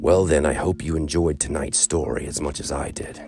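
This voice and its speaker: A man reading a children's story aloud in a calm narrating voice, raising his pitch for the quoted characters. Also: moderate pace, loud music behind the voice.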